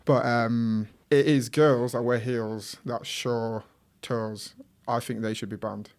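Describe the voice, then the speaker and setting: A man's voice: medium pitch, little pitch movement, takes it slowly, a little mellow. A young man with a Yorkshire accent, a podcast guest in casual chat, telling stories and often laughing. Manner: chatty, laughs often, acts out quoted voices.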